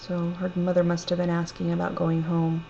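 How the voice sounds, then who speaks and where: A woman telling a personal story in a gentle, reflective, unhurried way. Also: fairly low pitch, monotone, gravelly. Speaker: storyteller sharing a personal testimony. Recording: dull lo-fi recording with faint hum.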